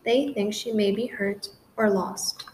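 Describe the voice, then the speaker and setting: A woman's voice: mid-range voice, unhurried, darkish tone, a little hiss or hum, natural voice. A woman voicing a nosy male sniffer dog who passes on news in a storybook reading. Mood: concerned.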